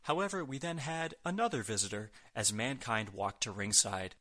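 A man's voice: medium pitch, normal speed, pushed and bright. A man hosting a podcast, reading a scripted recap with wry, sarcastic asides. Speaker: podcast host. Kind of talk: scripted wrestling recap narration.

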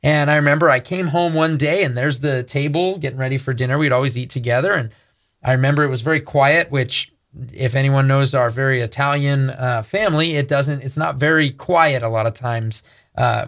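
A man's voice: medium pitch, fairly bright tone. A man co-hosting a Christian talk show, earnestly preaching and telling a personal story. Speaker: co-host. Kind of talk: preaching commentary.

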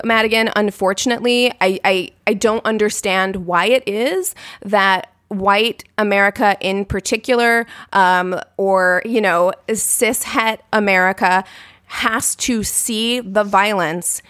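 Woman, podcast co-host, earnest, measured, mid pitch, dry. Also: fairly even intonation, a bit bright, no echo. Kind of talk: casual podcast discussion.

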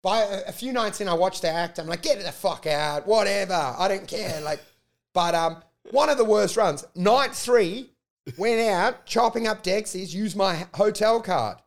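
At normal speed and with a voice that sits high, a comedian rambles through a story in casual conversation. He curses often and performs other people's lines with lively, profane impressions.

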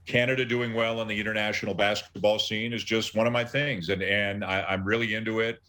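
A man's voice: fairly low pitch, flat delivery, bright, forceful tone. A middle-aged man, a sports broadcaster on as a guest, talking casually and enthusiastically, often restarting his sentences. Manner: enthusiastic, halting restarts, analytical. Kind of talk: casual sports talk interview.

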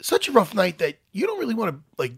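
A man co-hosting a casual talk show, telling animated, profane stories. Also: sits high, fast talker, creaky, breathy edge, dry recording, studio quality. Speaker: podcast co-host. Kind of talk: casual chat.

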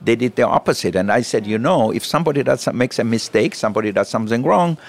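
A man's voice: medium pitch, fast talker, gravelly. A middle-aged man, a chef, telling stories in an interview and acting out the lines he quotes. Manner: animated storyteller who acts out quoted lines. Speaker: chef and guest. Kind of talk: storytelling interview.

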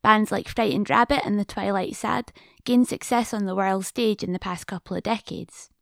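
A woman hosting and narrating a documentary in a measured, informative way. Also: mid-range voice, vocal fry, fairly bright tone, no echo. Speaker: documentary host. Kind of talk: scripted narration.

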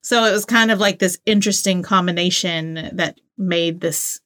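A woman's voice: on the low side, normal speed, fairly bright tone. A woman co-hosting a podcast, chatting casually about a film and laughing often. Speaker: podcast co-host.

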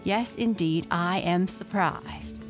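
A woman's voice: on the low side, slow, music in the background. A woman voicing a wise, kindly old female nature teacher who asks patient questions. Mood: surprised.

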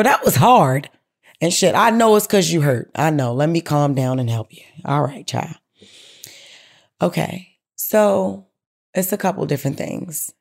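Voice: medium pitch, creaky, a little mellow. Blunt, cussing advice-show host. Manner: blunt, profane, emphatic; talks straight to the listener, calling her baby girl. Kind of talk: reading a listener letter and giving advice.

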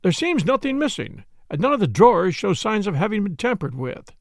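A man voicing an excitable young male secretary who fires off questions in an audiobook reading. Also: sits high, brisk, no room sound, studio quality, voice pushed up, heavily acted. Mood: agitated.

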